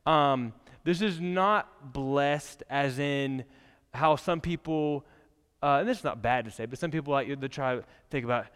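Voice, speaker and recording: A man's voice: mid-range voice, a little slow, a bit bright, clear, resonant tone. A young man preaching a casual, conversational sermon in a church, chatty and laughing often, with many fillers. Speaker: pastor. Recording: long church hall reverb.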